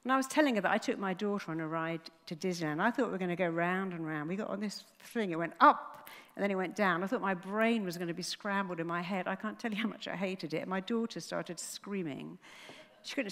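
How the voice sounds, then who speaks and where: Woman motivational speaker, lively storyteller, mid-pitched, long hall reverb. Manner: animated storyteller, acts out voices. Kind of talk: motivational talk on stage.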